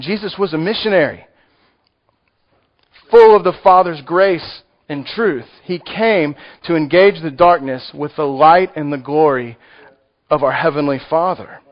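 A man with a Texan accent preaching a sermon, conversational and joking with the congregation. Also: on the high side. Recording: muffled lo-fi recording.

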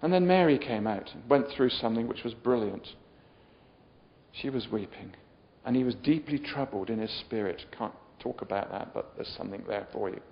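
A man preaching a sermon, moving from quiet storytelling to loud, shouted exhortation. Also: mid-range voice, lively intonation, normal speed, gravelly, highs cut off.

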